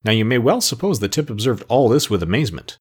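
A man narrating a storybook aloud in an expressive storytelling manner. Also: medium pitch, fast, breathy edge. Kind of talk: audiobook narration.

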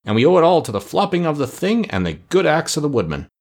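A lecturing, self-important storybook bug put on by a husky man reader. The voice sits higher than the reader's own low tone and rises and falls with flourish. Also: very animated, quick pace. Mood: cheerful. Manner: impressive, formal speech. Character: educated insect, male, pompous and lecturing. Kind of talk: storybook reading.

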